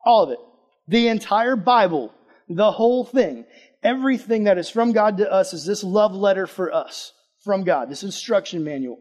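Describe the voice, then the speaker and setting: A man's voice: high-pitched, moderate pace. A man preaching a casual sermon, chatty and conversational, asking the audience questions and telling a personal story. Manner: lively, swings between loud emphasis and hushed asides.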